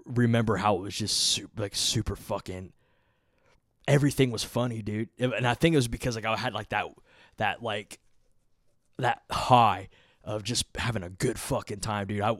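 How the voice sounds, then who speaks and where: Young dude rambling thru a story on his podcast, cussing a lot, kinda low voice, dry close sound. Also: normal speed, no echo. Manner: rambling, profane, lots of fillers. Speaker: podcast host. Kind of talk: casual storytelling.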